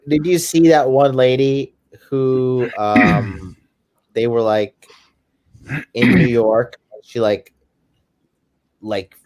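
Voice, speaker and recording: Crude, mocking male podcast co-host. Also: mid-range voice. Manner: crude, mocking, animated storytelling. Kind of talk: casual chat.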